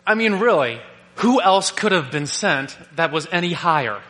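Animated male preacher who jokes and asks rhetorical questions, with a slightly high, bright voice. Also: moderate pace. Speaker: pastor. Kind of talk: sermon. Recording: long reverb of a large hall.

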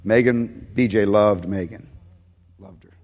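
A man's voice: on the low side, unhurried, darkish tone, in a large hall. A man preaching a sermon as a pastor, telling a personal story, dropping to near-whispers and rising to emphatic peaks.

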